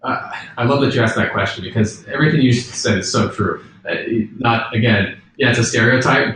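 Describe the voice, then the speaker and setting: A man's voice: medium pitch, a bit bright. A man answering as a podcast guest, earnest and storytelling, laughing easily. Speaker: guest author. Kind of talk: conversational interview answers. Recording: roomy, distant mic with faint background noise.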